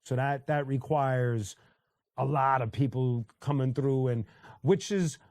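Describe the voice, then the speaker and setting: A man's voice: mid-range voice, a little slow, darkish tone, no room sound, studio quality. A man hosting a casual livestream, talking loosely with lots of fillers and restarts and greeting chatters by name. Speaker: livestream host reading chat. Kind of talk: casual chat.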